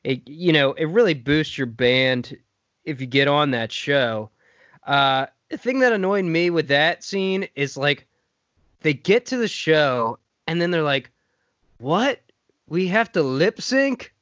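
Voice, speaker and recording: A man hosting a podcast in casual chat, animated and swearing as he gets worked up. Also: a little high, measured pace, no room sound. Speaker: podcast host. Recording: dry, dull lo-fi sound.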